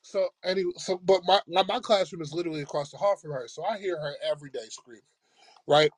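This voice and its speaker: A man tells a school story with lively energy. His voice sits a little high for a man, and he acts out everyone he quotes. The sound is dry and close. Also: fast, no room sound. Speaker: podcast host, teacher. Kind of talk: casual storytelling chat.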